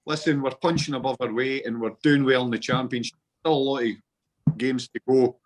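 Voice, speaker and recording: A man's voice: mid-range voice, steady tone, moderate pace. A Scottish man in his forties, a football podcast guest telling stories in casual chat with local slang. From Scotland. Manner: chatty storytelling with local slang.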